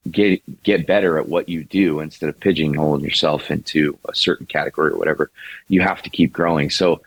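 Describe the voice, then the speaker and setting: Brief: male guest, very low voice, loose rambling talk, dry close audio. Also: steady tone, fairly quick, husky, no room sound. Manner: rambling, many restarts and fillers. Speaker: singer and songwriter, guest. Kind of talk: casual interview conversation.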